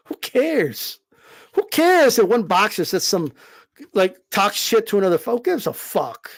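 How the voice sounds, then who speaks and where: A man's voice: high voice, very animated, a little slow. A man, a boxing commentator, ranting heatedly, full of swearing, with emphatic repeated "all right?" checks. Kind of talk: heated rant.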